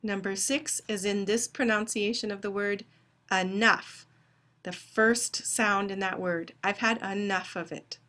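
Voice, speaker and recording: Woman, phonetics teacher, recorded lecture, slow and deliberate, bright clear voice. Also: medium pitch, fairly even intonation. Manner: slow, deliberate, spells out sounds and dictates test words. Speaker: phonetics instructor.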